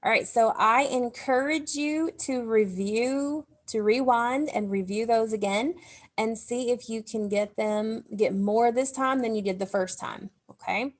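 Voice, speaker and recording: Slow, patient woman teaching young kids. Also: a little high. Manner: slow, patient, explains step by step to children. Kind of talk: recorded remote phonics lesson.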